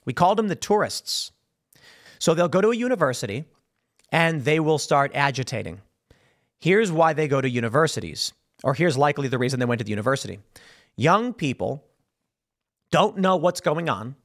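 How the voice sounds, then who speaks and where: A man hosting a political commentary show, talking in a fast, animated monologue and mimicking the people he mocks. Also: medium pitch. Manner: fast animated talk with mocking put-on voices for quoted people.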